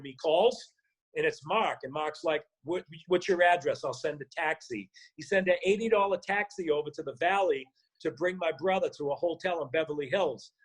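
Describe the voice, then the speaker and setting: Boston-accented man, husky, slightly high, swears freely, acts out the people he quotes. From South Boston. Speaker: actor and podcast guest. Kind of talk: casual storytelling chat.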